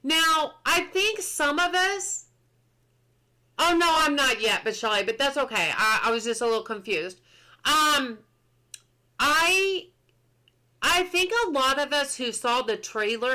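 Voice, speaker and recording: A woman's voice: sits high, bright, forceful tone. A woman game streamer chatting casually on a live stream, reading patch notes aloud, answering chat and laughing often.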